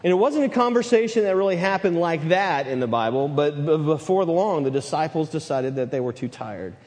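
A man preaching a sermon, swinging between loud emphatic build-ups and hushed lines. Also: on the high side, animated, a little fast, in a large hall. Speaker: pastor.

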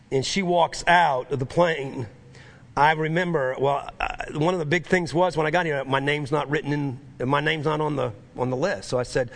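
A middle-aged male pastor delivers a sermon in a somewhat high voice. He tells his story conversationally, acting out the people he quotes, then builds to fervent, lively preaching.

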